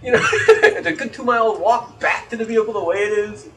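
A man's voice: high voice, a little fast, sharp tone, echoey room, distant mic, a little hiss or hum, poor audio. A man telling a story in casual chat, rambling and swearing, getting worked up when annoyed.

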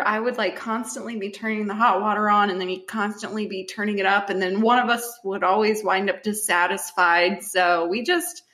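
A woman's voice: medium pitch, fairly bright tone. A young woman in casual chat who jokes, laughs a lot and swears casually.

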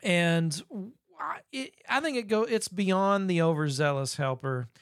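A man co-hosts a podcast in a relaxed, folksy way. He rambles and leans on fillers. His voice sits a little high, and the sound is dry and close with no room echo. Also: measured pace, smooth. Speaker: podcast co-host. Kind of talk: casual podcast chat.

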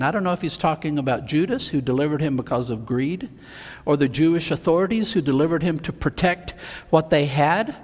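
A man with a high voice preaches a sermon. He acts out the Bible figures' lines and swings from hushed to loud, and his words ring out with long reverb in a large hall. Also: moderate pace, breathy edge.

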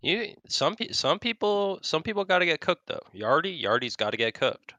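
A man's voice: fairly high pitch, big pitch swings, normal speed, sharp tone, dull audio, a little hiss or hum. A man who plays in the league, talking casually with brash, competitive trash talk. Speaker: pro player and co-host. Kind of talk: casual esports chat.

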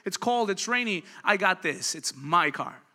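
A proud young man, wound up and flustered, with a high, bright, pushed voice that pitches up higher still, as a preacher acts him out. He talks fast and waves off any help. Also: expressive, big-room sound, heavily acted. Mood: dismissive. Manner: agitated, brushing off help. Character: frustrated, proud young man stuck with a broken car.

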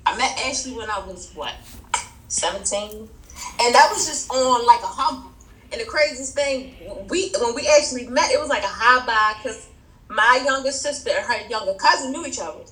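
A woman's voice: on the high side, normal speed, bright, forceful tone, reverberant, slight background noise, rough recording. A woman chatting casually as a podcast guest, telling stories animatedly and acting out her friends' voices. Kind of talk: casual chat.

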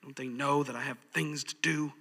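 A man's voice: medium pitch, fairly even intonation, moderate pace, pushed and bright, husky, pitched below the performer's own voice. A man doing a grudging grumbling churchgoer. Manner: grudging, sighing complaints.

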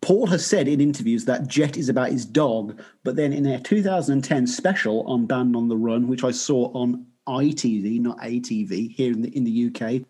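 Husky-voiced man hosting a podcast. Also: mid-range voice, moderate pace, few pauses, dark tone. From Birmingham, England. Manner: joking, teasing, laughs often. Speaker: podcast host. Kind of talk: casual podcast chat.

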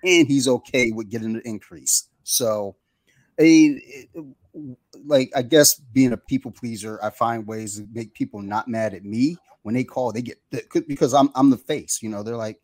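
The recording is dry, and the man's medium-pitched voice has a darkish tone at a moderate pace. Chatting casually, he rambles through a story laced with swearing, playing the phone callers himself.

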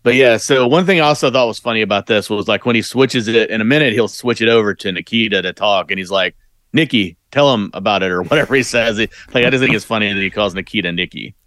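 A man's voice: fairly low pitch, fast talker, hardly any pauses, a bit bright, no echo, studio quality. A man co-hosting a podcast in casual chat, rambling with lots of restarts and fillers. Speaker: podcast co-host.

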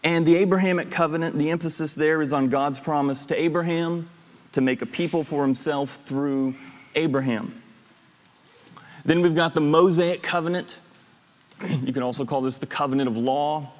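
A man with a fairly high voice teaches a Bible class, laying out his points step by step and circling back to recap them. He pauses to put questions to the students in the room. His voice rings with the long reverb of a hall. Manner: explanatory, recaps lists and repeats points.

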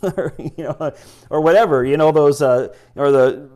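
A man's voice: on the high side, unhurried, a little mellow. A man giving an informal sermon in a church, conversational and rambling, with many fillers and restarts, reading and retelling scripture. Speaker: preacher.

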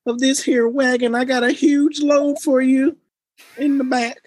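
A man voicing a crude, leering hillbilly in a put-on accent, loud and pitched up high. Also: flat delivery, unhurried, no echo.

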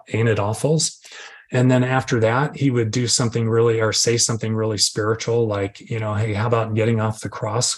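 A middle-aged man giving a candid, self-deprecating recovery share, acting out his own inner voices. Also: medium pitch. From Arizona, USA. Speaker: recovery speaker.

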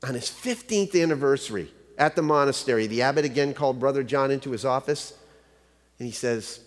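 A man's voice: medium pitch, fairly quick. A man, a pastor, preaching a sermon. He keeps asking the listeners rhetorical questions and tells a joke story to make his point. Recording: long hall reverb.

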